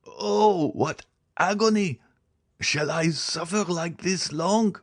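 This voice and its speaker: A man's voice: high-pitched, takes it slowly, pitched above the performer's own voice. A man voicing a dying old male servant, gasping and pleading in anguish. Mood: agonized.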